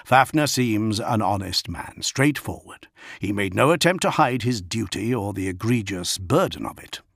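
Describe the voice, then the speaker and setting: A man voicing a calm, commanding male lord who speaks low and half-whispered. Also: normal speed, vocal fry, breathy edge, no room sound, clean studio sound, exaggerated voice.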